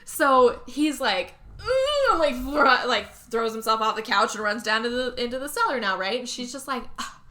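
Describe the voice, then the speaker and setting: A woman co-host with a bright, fairly high voice recaps a movie in casual podcast chat. Her pitch swings widely as she acts out each character. She swears freely and keeps the story moving. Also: normal speed. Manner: animated retelling, acting out lines, swearing.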